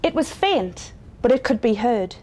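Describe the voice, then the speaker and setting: A woman's voice: fairly high pitch, animated, measured pace, a little mellow. Woman reading a story aloud. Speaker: story reader.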